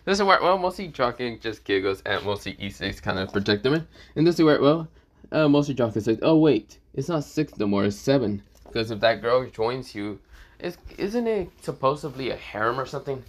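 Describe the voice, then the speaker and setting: A man telling a fan-made story in a loose, unscripted way, repeating stock phrases as he goes. His voice is at an ordinary middle pitch. The delivery rambles and circles back on itself. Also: big pitch swings, fairly quick. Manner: rambling, full of fillers. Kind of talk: casual fan-fiction narration.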